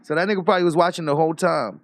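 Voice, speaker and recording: A man with a gravelly, fry-laden voice throws crude, joking remarks into a livestream chat. He pitches somewhat high for a man and keeps his delivery loud and teasing. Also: rapid-fire. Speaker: panelist. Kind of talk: casual livestream banter.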